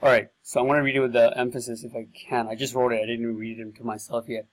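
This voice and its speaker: A man's voice: mid-range voice, flat delivery, fast talker, low-quality recording. A man who sells digital marketing, talking casually to camera and thinking aloud in a loose, rambling way. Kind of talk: casual talk to camera about sales scripts.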